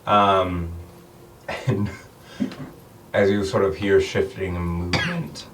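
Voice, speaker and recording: A man's voice: on the low side, slow, a little hiss or hum. A man narrating a tabletop game as game master, describing scenes with many fillers. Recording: distant mic with music behind.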